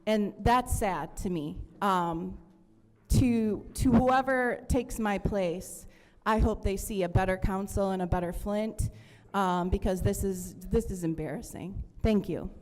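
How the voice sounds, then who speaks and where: A woman's voice: medium pitch, a little slow, a little mellow, big-room sound. A woman council member making a frustrated speech at a meeting, with many fillers. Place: council chamber.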